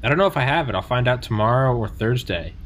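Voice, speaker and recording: A young man at a middle pitch tells crude stories in loose podcast chat. He swears often and jumps into mock voices for the people he describes. A faint hiss sits under the recording. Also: lively intonation, quick pace, a bit bright. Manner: swears a lot, slips into mocking voices for customers. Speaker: podcast co-host. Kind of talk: casual crude banter.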